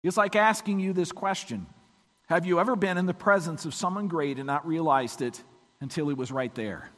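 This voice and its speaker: High-voiced preacher with a weak voice. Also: male voice, normal speed, long reverb tail. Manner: dramatic swings from quiet to emphatic. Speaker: pastor. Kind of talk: sermon.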